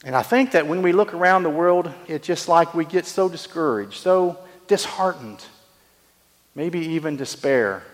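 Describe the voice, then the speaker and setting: A man's voice: a little high, a little slow, long reverb tail. A man preaching a sermon, telling a story earnestly and asking rhetorical questions. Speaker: pastor.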